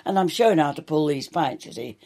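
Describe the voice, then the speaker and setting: Older woman, mellow-toned, chatty storyteller telling showbiz anecdotes in an interview. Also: deep voice, animated, brisk. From England. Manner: chatty, warm anecdotes with quoted dialogue. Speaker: soap actress. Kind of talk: reminiscing interview.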